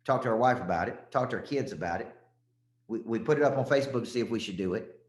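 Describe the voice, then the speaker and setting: A man's voice: lowish voice, lively intonation, fast, echoey room. A man with a Southern accent, a sales coach giving a punchy, repetitive motivational talk and calling out listeners by name.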